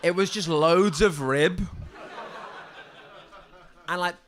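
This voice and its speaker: A young man doing a stand-up set on a club stage, with a halting deadpan delivery full of ums and restarts. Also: high voice. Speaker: stand-up comedian. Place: comedy club stage with audience. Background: audience laughter.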